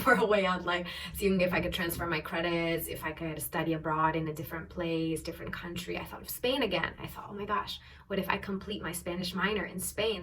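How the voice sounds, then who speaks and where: A young woman in her twenties telling a personal story on her vlog, animated and quick to act out what others said. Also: on the low side, recorded from a distance. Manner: animated storytelling, quoting others in raised voices. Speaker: travel vlogger.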